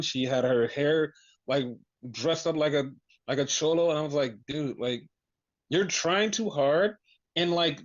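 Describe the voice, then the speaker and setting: A podcast host recapping wrestling in casual chat, telling it in an excited, profane way with lots of "like" fillers. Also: mid-range voice. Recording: dull lo-fi recording.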